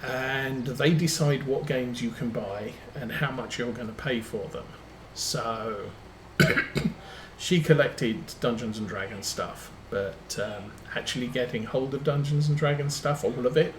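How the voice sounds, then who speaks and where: A man chats slowly and unhurriedly while streaming a farming game, drifting from one anecdote to the next with plenty of ums. His voice sits at an ordinary pitch, and the room around him is roomy and echoey with a faint hiss underneath. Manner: rambling anecdotes with many ums. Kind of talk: casual chat while playing a farming game. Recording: roomy echo.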